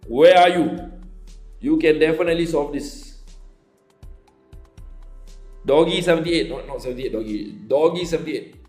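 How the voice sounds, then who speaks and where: A man's voice: on the high side, moderate pace, long pauses, darkish tone, echoey room, soft background music. A man with a Singaporean accent teaching a live online maths lesson, chatting playfully and teasing students as they compete in a quiz. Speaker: maths tutor.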